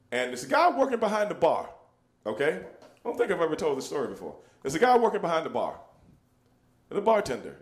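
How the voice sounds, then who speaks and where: A man's voice: on the high side, fairly bright tone. A man telling a story in casual chat, laughing and acting out the people he quotes. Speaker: show host telling a story.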